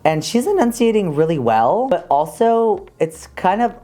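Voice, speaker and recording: A man's voice: high-pitched, sing-song, normal speed, mellow. A man hosting a casual recap chat as a drag queen, gossipy and blunt, swearing freely and laughing often. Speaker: drag queen podcast host.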